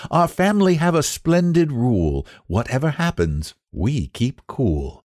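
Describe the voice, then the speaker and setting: A ladylike storybook cucumber, cool and unhurried. A man puts her on in a raised, genteel voice that softens to calm. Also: mid-range voice, no room sound, studio quality, voice pushed up. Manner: prim, unhurried.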